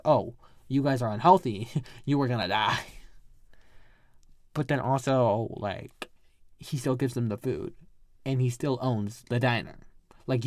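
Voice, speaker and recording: A chatty man rambles through a casual show recap and keeps sidetracking himself. His voice sits at an ordinary middle pitch. The sound is close and dry, with no room around it. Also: dry recording. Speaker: podcast host.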